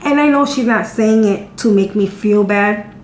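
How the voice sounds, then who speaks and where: A vlogger in her thirties speaks at a measured pace in a medium-pitched voice, telling her viewers a personal story in response to their questions. Chatty and candid, she repeats words as she talks. The recording has an echoey room and faint hum.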